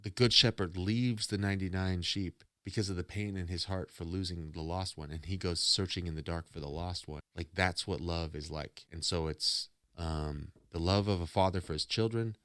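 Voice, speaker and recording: A man with a low, deep voice talks on a casual reaction stream, rambling and preaching in long run-on thoughts. The sound is dry and close, with no room around it. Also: fairly even intonation, moderate pace, few pauses, a bit bright, dry recording. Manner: rambling, preachy, philosophizing about love and faith. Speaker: streamer host.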